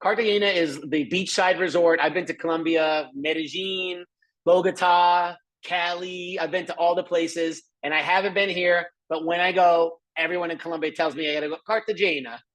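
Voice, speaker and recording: A middle-aged man with a slightly high voice runs an excited live sales presentation. He chats to viewers as he scrolls through his screen and keeps dropping in little check-ins and fillers. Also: moderate pace. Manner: excited, chatty, many fillers and asides to viewers. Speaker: presenter of a travel membership.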